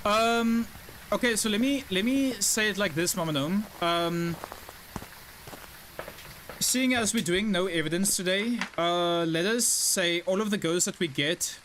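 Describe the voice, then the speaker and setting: A man's voice: high-pitched, fairly bright tone, slight background noise. Chatty young man streaming a game. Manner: chatty, talks to chat, quick asides and laughs. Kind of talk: casual live-stream chat while gaming.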